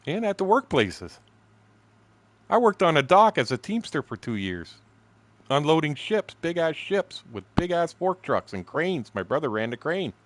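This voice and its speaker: Older man, gaming stream chat, swearing storyteller, voice swinging up and down, mid-pitched. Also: no room sound. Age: 60s. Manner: profane, animated storyteller acting out shouted quotes. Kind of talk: casual storytelling while gaming.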